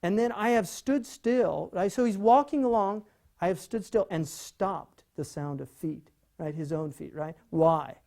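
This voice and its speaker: Mellow-voiced man lecturing on poetry. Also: high voice, measured pace, creaky. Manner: rhetorical questions, frequent "right?"; animated, conversational teaching.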